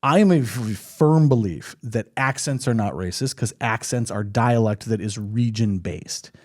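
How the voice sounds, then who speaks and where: A man's voice: lowish voice, measured pace, darkish tone. A man from northern Minnesota with a Minnesotan accent, hosting a podcast in casual, opinionated, rambling chat. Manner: opinionated, rambling, frequent restarts. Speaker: podcast host.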